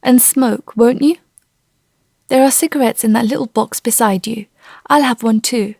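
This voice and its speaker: Soft teasing young lady, read by a woman narrator, dry close mic. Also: fairly high pitch, moderate pace, vocal fry, no room sound. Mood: hospitable. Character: light, laughing young Englishwoman.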